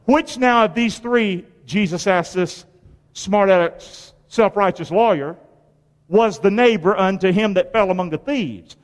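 A man preaching a sermon, animated, often asking the congregation "Amen?". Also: high-pitched, measured pace, big-room sound. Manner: animated, call-and-response, frequent "Amen?".

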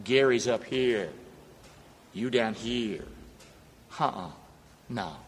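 A man's voice: medium pitch, slow pace, big-room sound, a little hiss or hum. A man preaching a sermon in a church, urging the congregation to call back to him. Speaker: pastor. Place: church sanctuary.

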